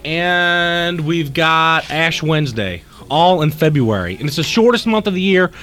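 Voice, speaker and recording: A man co-hosting a late-night radio talk show, his voice pitched a little high. He rambles through jokes and mocking asides in loose studio banter. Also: lively intonation, measured pace, pushed and bright.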